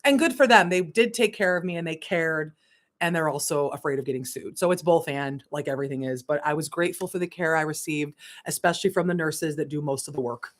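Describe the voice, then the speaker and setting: A woman spiritual coach telling a personal story on a casual livestream, animated, cursing and laughing as she talks. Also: low-pitched, fast talker.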